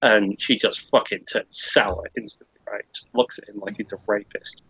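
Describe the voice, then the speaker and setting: A man's voice: fairly low pitch, fairly even intonation, normal speed, pushed and bright, breathy edge, dry recording, low-quality recording. A man casually telling a rambling, sweary pub anecdote on a podcast. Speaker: podcast co-host. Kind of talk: casual storytelling chat.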